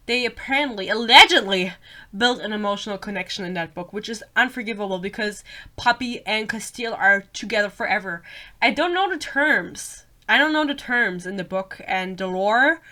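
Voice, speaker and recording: Bright, animated young woman ranting. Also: medium pitch. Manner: animated, swearing, laughing. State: sick, slightly hoarse. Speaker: book podcast host. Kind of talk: casual rant. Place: Germany.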